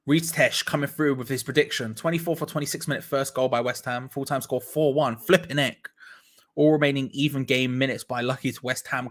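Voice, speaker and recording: A young man giving excitable live fan commentary on a football match, laughing often as he reads out viewers' messages. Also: mid-range voice, brisk. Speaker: watch-along host.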